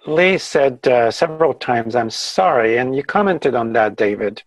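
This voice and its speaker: Measured man co-host with hesitant fillers. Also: medium pitch, expressive, no room sound. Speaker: podcast co-host. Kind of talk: conversational podcast discussion.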